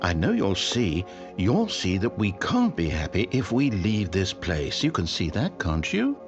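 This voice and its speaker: Wry omniscient game narrator: dry, theatrical, lively intonation over game music. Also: male voice, low voice, measured pace, heavily acted. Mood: plaintive. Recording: dull game audio with music.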